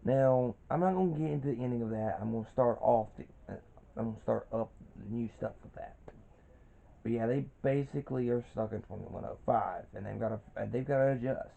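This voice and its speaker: A man's voice: mid-range voice, fairly quick, creaky, dark tone. A man in his twenties giving a rambling, casual review of a cartoon, with frequent restarts and fillers, on a dull lo-fi recording.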